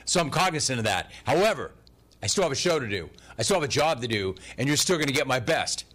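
A man hosting a sports talk radio show, animated and sarcastic, taking calls. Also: mid-range voice. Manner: animated, sarcastic, quick-talking.

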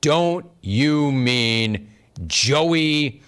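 A man's voice: a little high, animated, extremely slow, a bit bright, clear, resonant tone. A man hosting a sports talk show, talking casually and sarcastically, often breaking into laughter while reading chat. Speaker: sports talk radio host.

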